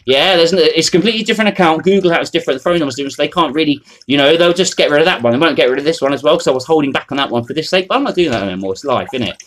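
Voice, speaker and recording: A man's voice: on the high side, animated, racing, hardly any pauses, fairly bright tone. A man, ranting to camera in a rambling, foul-mouthed, mocking way. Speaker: vlogger. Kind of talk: unscripted rant to camera.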